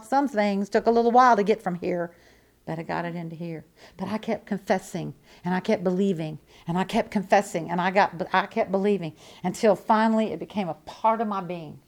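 A woman preaching a sermon in an emphatic, repetitive way. She moves between loud declarations and quiet asides, with folksy rhetorical questions. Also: medium pitch.

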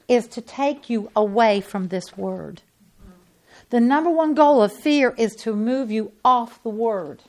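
A woman preaching a sermon in a folksy, emphatic way that swells into loud insistence. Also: fairly high pitch.

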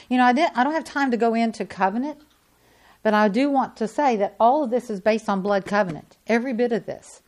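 A woman preacher delivers a sermon in a somewhat high voice. She talks in a folksy, conversational way and pushes her points with growing force. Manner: folksy, emphatic, rising to loud insistence.

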